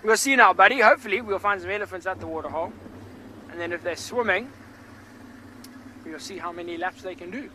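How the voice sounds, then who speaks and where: A man with a bright, high voice gives live safari commentary from a vehicle out in the bush. He chats easily and answers viewers' comments as he drives. A faint hiss sits behind him. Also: brisk, long pauses, low-quality recording. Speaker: safari guide.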